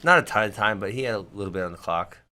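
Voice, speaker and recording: Bright-voiced man in casual chat. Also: fairly low pitch, racing. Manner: rambling, animated storytelling with restarts. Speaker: podcast co-host. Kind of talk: casual studio chat about wrestling. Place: studio.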